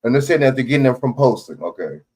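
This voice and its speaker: Brief: man hosting a casual reaction stream, mid-pitched, loose and profane, thinking out loud. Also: big pitch swings, fast talker, slightly rough. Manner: rambling, profane, questioning. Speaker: live stream host.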